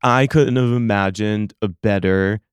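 30s guy on his solo podcast, lowish voice, swears a lot, dramatic rants, dry close sound. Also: unhurried, clean tone, no room sound. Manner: profane, dramatic complaining. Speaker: podcast host. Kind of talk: casual solo podcast storytelling.

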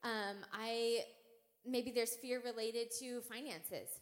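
A woman's voice: fairly high pitch, slow. A woman in her thirties giving a casual, conversational sermon, peppering her talk with "right?" and "like" and telling a playful, exaggerated story. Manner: casual and animated, frequent "right?" and "like". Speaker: church speaker. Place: church sanctuary. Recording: long hall reverb.

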